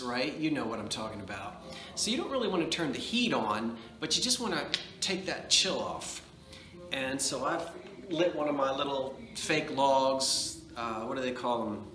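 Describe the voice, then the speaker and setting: A rambling, chatty man with a New Jersey accent talks casually to camera at home, a little nasal from allergies. His voice is bright and forward. The room rings with echo, and soft music plays faintly behind him. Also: medium pitch. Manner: rambling, chatty, folksy asides. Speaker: vlogger, antiques seller.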